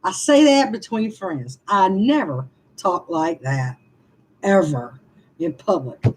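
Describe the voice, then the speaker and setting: A woman's voice: lowish voice, expressive, slow, darkish tone, slight background noise, low-quality recording. A woman, venting frankly to viewers on a casual livestream and answering their comments with laughing asides. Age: 60s. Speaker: livestream vlogger reading comments.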